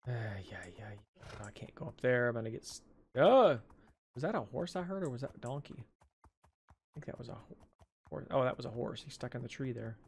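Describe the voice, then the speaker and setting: A man's voice: medium pitch, lively intonation, a little fast, gravelly, pauses often, slightly rough. A man casually commenting as he plays a video game, chatting to himself and to the animals on screen, with a sore jaw from dental work. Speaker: gaming channel host. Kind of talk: casual let's play commentary.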